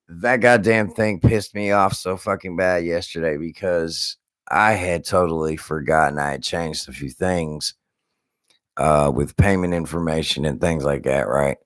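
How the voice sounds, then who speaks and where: Man, vlogger, voice gone hoarse and scratchy, very low, profane animated rant. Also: moderate pace, no room sound, clean studio sound. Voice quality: scratchy, deep. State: hoarse, lost voice. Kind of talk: casual ranting vlog.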